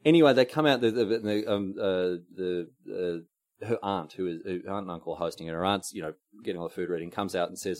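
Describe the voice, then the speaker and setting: A young Englishman co-hosting a podcast, talking in a lively way with a voice that rises and falls a lot. He rambles, stops, and restarts his sentences as he tells a story. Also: on the low side, fast talker. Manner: animated, rambling with many restarts. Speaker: podcast co-host. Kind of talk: casual chat.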